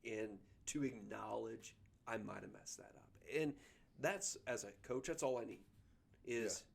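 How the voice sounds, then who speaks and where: A middle-aged man, a basketball coach talking earnestly as a guest, pausing often with ums and restarts. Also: fairly low pitch, creaky, husky. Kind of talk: casual podcast conversation.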